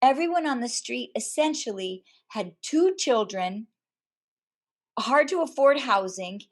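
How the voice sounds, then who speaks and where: Woman speaker, slow-paced storyteller who lets pauses land. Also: fairly high pitch, animated. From Canada. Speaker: speaker telling a personal story. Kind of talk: personal storytelling talk. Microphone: camera.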